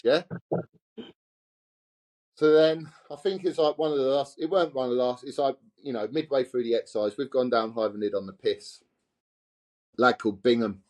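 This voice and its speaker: Un hombre con acento de Essex que cuenta anécdotas en tono informal, suelta palabrotas a menudo y se ríe mientras habla. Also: male voice, medium pitch, darkish tone. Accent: Essex English. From England. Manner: swears freely, laughs while telling stories. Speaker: podcast guest. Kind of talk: casual storytelling.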